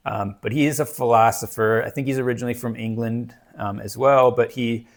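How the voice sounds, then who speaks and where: A man's voice: mid-range voice, steady tone, fairly quick. A man chatting casually about books, rambling with many fillers and restarts. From United States. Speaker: book reviewer. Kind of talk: casual book chat.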